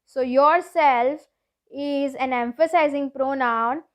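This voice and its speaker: A woman teacher giving a grammar lesson to schoolchildren, explaining each rule slowly and patiently, with lots of repetition. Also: sits high. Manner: slow, deliberate, repeats each rule patiently.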